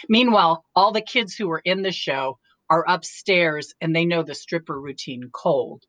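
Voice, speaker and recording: Middle-aged actress, interview guest, deep low register, dry close sound, chatty anecdotal delivery. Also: female voice, normal speed, fairly bright tone, no room sound. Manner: chatty storyteller, laughs often. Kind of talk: casual interview chat.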